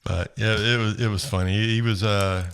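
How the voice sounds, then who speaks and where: Gravelly low-voiced man telling stories. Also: fairly even intonation, normal speed, fairly bright tone, a little hiss or hum. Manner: rambling, laughs at his own stories. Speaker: podcast co-host. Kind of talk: casual storytelling chat.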